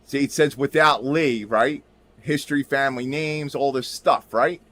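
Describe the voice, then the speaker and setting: A man's voice: mid-range voice, fairly even intonation, a little slow, a bit bright. A man hosting a livestream, talking in a rambling, emphatic way and asking "right?" again and again while looking things up at his computer. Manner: repeats "right?" constantly, emphatic, drifts into mutters. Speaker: livestream host.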